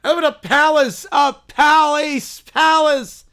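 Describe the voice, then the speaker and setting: A man's voice: very high voice, steady tone, measured pace, bright, forceful tone, pitched above the performer's own voice, full character voice. A man voicing a bossy, spoiled little princess who makes haughty demands.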